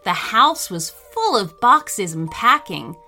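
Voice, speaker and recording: A woman reads a children's story aloud, slow and deliberate, with a bright, clear tone. Her pitch sits a little high and moves a lot, full of lively expression, with soft music faint behind her. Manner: gentle, expressive, unhurried reading.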